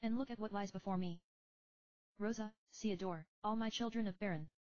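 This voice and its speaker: A woman's voice: medium pitch, darkish tone, no room sound, dull audio, pitched above the performer's own voice, lightly acted. A woman voicing the solemn, sorrowful spirit of an old male king in a storybook reading. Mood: mournful. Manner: slow, solemn and grieving.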